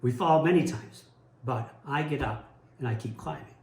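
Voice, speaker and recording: Man pastor giving a sermon, earnest storyteller, mid pitch, echoey church sound. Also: moderate pace, a little mellow. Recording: roomy echo.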